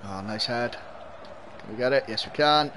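Over a noisy background, a young man with a light Liverpool Scouse accent streams a football video game, giving live commentary, chatting with his audience, and laughing a lot. He's from Liverpool, England, and speaks in a mid-range voice at a moderate pace.

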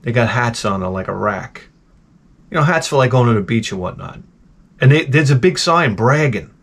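A man's voice: medium pitch, expressive, normal speed, a bit bright. A middle-aged man hosting a retro game channel, rambling through a blunt, profane comedic rant full of wisecracks.

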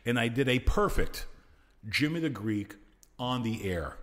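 A man's voice: medium pitch, a little slow. American comedian guy telling stories, voice all over the place, doing impressions mid-chat. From United States. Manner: animated storyteller who acts out other people's voices. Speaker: comedian guest. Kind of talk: casual chat, storytelling.

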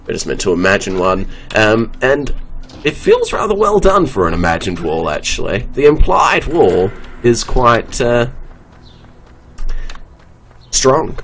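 A man rambles through his casual commentary on a game, mocking himself and drifting off topic. His pitch leaps around freely while his pace stays unhurried. Faint music runs in the background. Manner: rambling, self-mocking, easily distracted. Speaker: let's play host.

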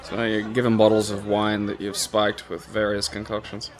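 A man co-hosting a let's play, chatting casually and joking around with quick wisecracks. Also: fairly low pitch, monotone, a faint crowd. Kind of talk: casual gameplay banter.

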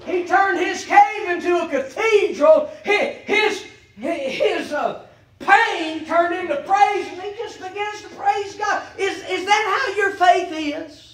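A man preaching a sermon, stretching out scripture readings and rising to fervent shouts. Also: very high voice, slow.

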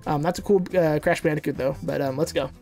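A gamer talks through a platform game in loose, casual commentary, cursing freely and hyping up their own skill. Quiet game music sits under the voice. Sudden excited yelps break up the running chatter. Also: medium pitch, fast. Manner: profane, excitable, boastful trash talk with sudden outbursts. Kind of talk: casual let's-play commentary. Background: faint game music.

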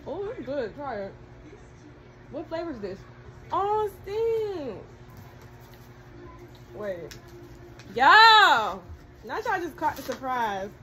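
A woman's voice: high-pitched, takes it slowly, long pauses. A young woman and new mother chatting casually to her viewers in a slangy vlog, talking into a handheld phone at home. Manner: chatty, slangy, lively, addresses viewers as y'all. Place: at home, indoors. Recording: noisy home phone recording.

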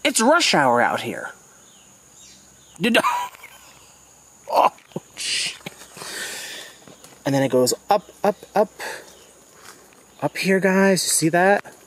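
A young man from the United States chatting excitably to his viewers while walking a rainforest trail at dusk, filmed on a handheld phone. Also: high-pitched, slow pace, long pauses. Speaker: vlogger. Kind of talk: casual vlog walk-and-talk.

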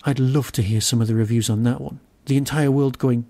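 A man from Britain hosts his own podcast, reviewing an episode alone. He muses aloud, wry and a little grumpy at himself. His voice sits at an ordinary middle pitch. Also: fairly even intonation, brisk, dark tone. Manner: wry, musing, self-deprecating grumbling. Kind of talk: solo review monologue.

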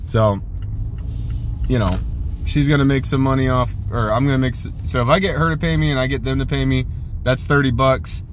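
Speaking briskly in a mid-range voice with a steady tone, a young man vlogs from outside and his car amid slight background noise. His chat is rambling and casual, full of cursing and self-deprecating humor.

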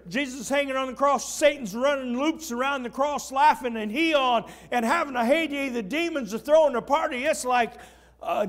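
A man pastor preaching an impassioned sermon, rising to shouts at the peaks. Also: very high voice.

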